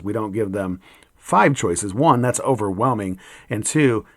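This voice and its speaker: A man hosting an educator's podcast, talking in a calm, steady, conversational way with frequent ums. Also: lowish voice, a little slow, dry recording, clean studio sound. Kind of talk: reflective podcast monologue.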